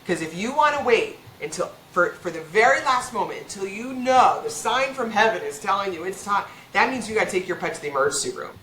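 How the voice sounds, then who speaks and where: A woman veterinarian speaking frankly and casually as a podcast guest, talking in quick bursts with restarts. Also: mid-range voice, lively intonation, fairly bright tone. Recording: echoey room with faint background hum.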